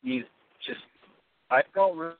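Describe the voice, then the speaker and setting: A man's voice: fairly high pitch, a little slow. A man hosting a podcast, recapping a TV show in casual, rambling talk full of restarts. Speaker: podcast host. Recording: tinny phone-line audio.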